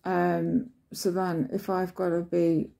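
A woman vlogger talks slowly indoors at home, her fairly low, dark voice completely flat and touched with vocal fry. She's chatty, petting her cats and cooing baby talk to one between tales of waiting for workmen.

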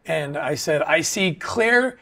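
In a casual interview, a middle-aged male guest talks earnestly but haltingly, with many restarted sentences. His voice is on the high side, animated, and fairly bright.

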